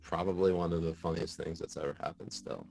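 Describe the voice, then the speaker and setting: A man's voice: sits low, brisk, vocal fry, soft background music. A man in a casual podcast interview, telling stories with lots of fillers and bursts of laughter. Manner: animated, laughing storyteller with many fillers. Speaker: podcast guest, journalist.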